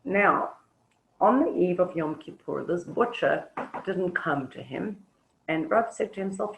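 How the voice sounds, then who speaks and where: A woman teaching an online webinar, talking reflectively with halting pauses and fillers over a video call. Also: fairly low pitch, lively intonation, vocal fry, slight background noise, low-quality recording. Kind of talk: webinar talk with storytelling.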